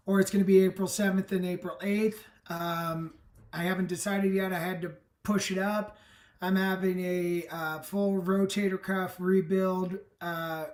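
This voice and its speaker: A man hosting a live online summit, talking with emphatic, enthusiastic encouragement over a video call. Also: high voice. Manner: enthusiastic, emphatic pep talk. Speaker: summit host. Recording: echoey room, distant from the mic.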